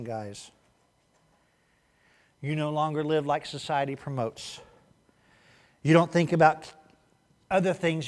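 A man preaching a sermon, swinging between loud urging and soft hushed asides, firing rhetorical questions with short punchy answers. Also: on the high side, long reverb tail. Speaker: pastor.

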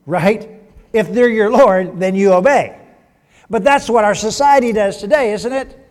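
A man's voice: high voice, measured pace. A middle-aged man, a pastor, delivering a sermon with emphatic swells and drops in volume. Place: church sanctuary. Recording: long hall reverb.

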